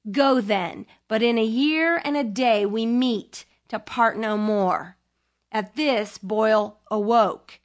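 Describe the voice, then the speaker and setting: A woman radio Bible teacher delivering a sermon, telling a story in a measured, dramatic way. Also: on the high side.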